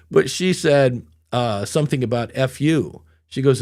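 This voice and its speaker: A middle-aged man with a darkish, mid-range voice talks at normal speed on his podcast. In a casual chat, he tells rambling anecdotes and readily laughs at himself.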